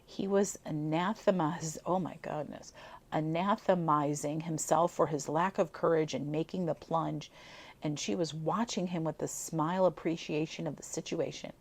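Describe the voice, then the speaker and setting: A woman from Buffalo, New York, reading an old story aloud with lively, amused asides. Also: deep voice, moderate pace. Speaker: reader of old clippings.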